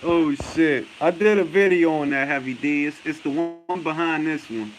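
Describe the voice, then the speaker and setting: A man's voice: on the high side, moderate pace, faint music behind, poor audio. A man with a New York accent hosting a boxing talk show, talking bluntly and profanely and often laughing as he answers viewer comments.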